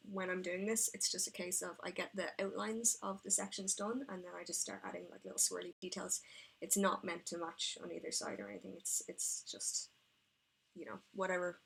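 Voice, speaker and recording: Chatty, excitable woman painting live. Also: lowish voice, creaky, husky. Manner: chatty, excitable and rambling, often talking to herself. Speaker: miniature painter streaming her work. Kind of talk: casual live-stream chat while painting.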